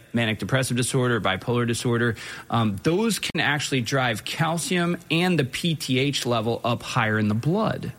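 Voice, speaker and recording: A man's voice: mid-range voice, fairly bright tone. A man hosting a radio health show, explaining medical topics in a conversational way with occasional fillers. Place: radio studio.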